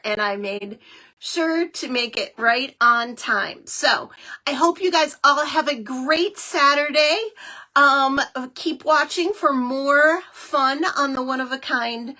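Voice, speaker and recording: Bubbly, high-voiced woman. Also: slow. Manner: chatty and excitable, with many fillers. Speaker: host of a live crafting show. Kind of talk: live-stream card-making demo.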